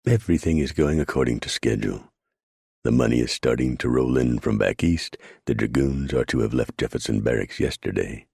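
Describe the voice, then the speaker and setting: A man's voice: very deep voice, brisk, vocal fry, a little mellow, slightly rough, dry recording, studio quality, heavily acted. A man voicing a smug, scheming trader plotting at a table.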